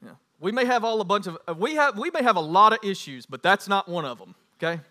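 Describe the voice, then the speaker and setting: A man in his thirties preaching a sermon as pastor, animated and building to loud emphatic bursts. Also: high-pitched, fast.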